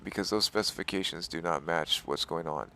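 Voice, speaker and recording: A man's voice: deep voice, fairly quick, sharp tone, a little hiss or hum. A man hosting a game settings walkthrough, exasperated and rambling, calling the viewer "dude" and insisting he is staying chill. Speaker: gaming tutorial host.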